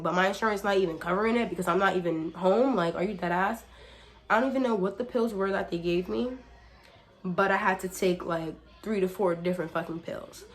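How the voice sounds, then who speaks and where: This young woman's mid-range voice is hoarse from a cold as she does a casual storytime vlog. Chatty and free with swear words, she says "like" a lot and speaks to her viewers as y'all.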